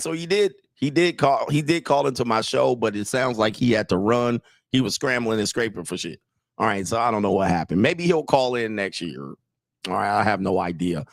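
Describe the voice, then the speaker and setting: A male host giving casual comedic commentary, rambling and excitable, with a habit of repeating "all right". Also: medium pitch, no echo.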